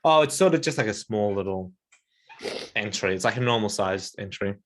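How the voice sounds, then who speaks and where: A man's voice: fairly low pitch, expressive, moderate pace. A man running a casual tabletop game, narrating with a rambling, filler-heavy manner. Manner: rambling, lots of "like" and "um". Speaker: game master.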